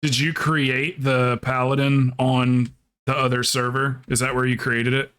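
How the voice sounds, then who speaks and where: A man's voice: medium pitch, flat delivery, unhurried, a bit bright, smooth. Rambling man. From Southern United States. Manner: rambling storyteller, lots of "like" and restarts. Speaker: streamer and group leader. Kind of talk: casual chat during gameplay.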